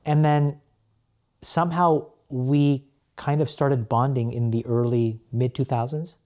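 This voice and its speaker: A man talking as a guest on a podcast, telling stories in a relaxed way, with restarts and laughs. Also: mid-range voice, a little slow. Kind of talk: casual interview chat.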